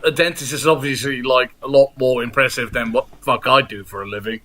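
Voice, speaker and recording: A man's voice: medium pitch, fairly even intonation, a little fast, pushed and bright. A man with a Dutch accent whose first language is Dutch, co-hosting a podcast in casual banter, wry and playful, acting out little quoted voices, speaking over a Skype call. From Netherlands. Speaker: podcast co-host.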